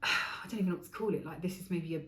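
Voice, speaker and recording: A woman's voice: lowish voice, racing, a bit bright, roomy sound. Frank, swearing woman in her forties. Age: 40s. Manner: rambling, frank and heavy with swearing. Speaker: podcast host. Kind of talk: candid solo podcast monologue.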